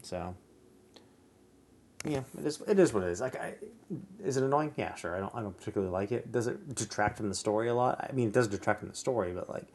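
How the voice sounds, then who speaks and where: A man's voice: on the low side, fast, a little mellow, slight background noise. A man streaming a game live, rambling in casual commentary with many fillers, restarts and casual swearing.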